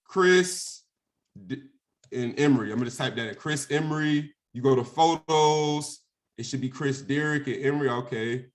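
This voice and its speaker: A man's voice: medium pitch, normal speed. A young man telling a personal story in a casual, conversational way, often asking "right?" and acting out phone calls. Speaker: guest speaker.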